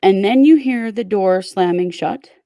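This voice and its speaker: Woman host telling a true crime case to her cohost, gravelly, dark mellow tone, dry sound. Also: mid-range voice, unhurried, no echo. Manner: conversational, recounts events step by step. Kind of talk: casual case retelling to a co-host.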